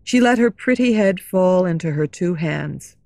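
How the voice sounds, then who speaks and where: Woman narrator, low pitch, lively melody, slow and careful, dry studio sound. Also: no echo. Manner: slow, clear, expressive storytelling. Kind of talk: scripted story narration for English learners.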